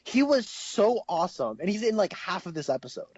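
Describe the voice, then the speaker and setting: A young man co-hosting a casual podcast chat, rambling and excitable, laughing often. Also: high-pitched, fairly quick, breathy edge, dull audio. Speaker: podcast co-host.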